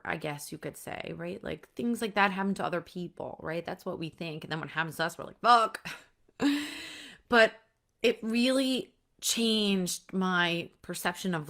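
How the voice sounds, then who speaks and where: A woman in her thirties hosts a casual solo podcast talk in a fairly low, fairly bright voice. She's chatty and blunt, sprinkling in "like," "right?" and the occasional swear word.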